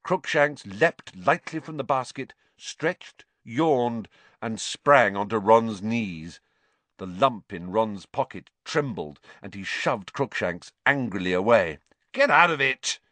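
A man reading a storybook aloud in an expressive way. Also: fairly low pitch, slow, no echo. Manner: expressive, with many character voices. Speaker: audiobook narrator.

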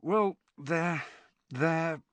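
A man's voice: mid-range voice, huge pitch swings, moderate pace, fairly bright tone, slightly rough, no room sound, heavily acted. A man voicing an awkward, blustering teenage boy who fumbles for words. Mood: fumbling chatty. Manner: fumbling, blustering, hesitant restarts.

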